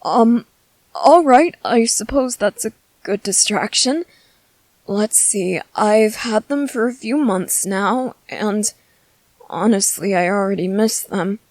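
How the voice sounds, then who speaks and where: A woman's voice: medium pitch, takes it slowly, darkish tone, dry recording, natural voice. A woman voicing a shy, bookish young male soldier in an ASMR audio drama, nervous and stammering.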